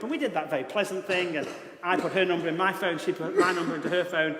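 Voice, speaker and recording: A man's voice: sits high, a little fast, noisy background. A British man preaching a sermon as pastor, telling a story in an earnest, emphatic way. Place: large church hall. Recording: echoey church hall.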